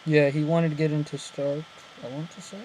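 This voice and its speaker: A man's voice: fairly high pitch, level tone, a little fast, a little mellow, a little hiss or hum, poor audio. A young man in casual chat, breaking down a TV episode, rambling and correcting himself and laughing at his own slips. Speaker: channel host breaking down an episode.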